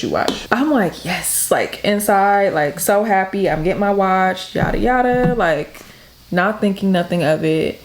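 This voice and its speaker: A young woman from the Detroit area, chatting through a makeup tutorial while telling a story with lots of "like". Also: lowish voice. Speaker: beauty vlogger. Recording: echoey room.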